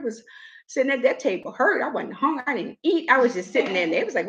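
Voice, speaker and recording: A middle-aged woman hosting a casual chat, telling a personal story in an animated way and acting out what others said. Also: high voice, fast talker, muffled recording, a little hiss or hum. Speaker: host.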